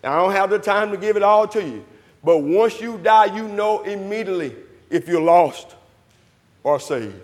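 Preacher guy in church, really high voice, shouts then drops low, asks and answers his own questions, echoey hall. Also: expressive, moderate pace. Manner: call-and-response preaching, asks questions and answers them himself; swings from shouts to low murmurs. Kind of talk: sermon. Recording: hall reverb.

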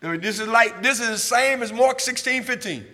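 A man preaching a sermon in church, drawing call and response from the congregation, repeating himself and building from quiet talk to loud shouting. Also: very high-pitched, fairly quick, long reverb tail. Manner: repetitive, asks the church for amens. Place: church sanctuary.

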